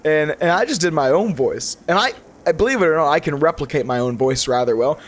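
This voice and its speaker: A young gaming YouTuber talks a little fast in a voice on the high side, rambling casually as he plays. He's animated and keeps restarting his sentences to correct himself.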